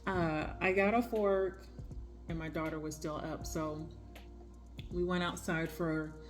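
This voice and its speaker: Chatty woman nurse vlogging, low voice. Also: steady tone, slow. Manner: chatty, addresses viewers as y'all. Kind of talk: casual vlog storytelling. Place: home. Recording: echoey room with faint music.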